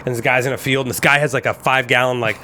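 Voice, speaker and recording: A man's voice: medium pitch, fairly even intonation, sharp tone, slight background noise. A man hosting a podcast, bantering and cracking jokes with his guest. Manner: quick, joking interjections and banter. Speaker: podcast host. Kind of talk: casual chat.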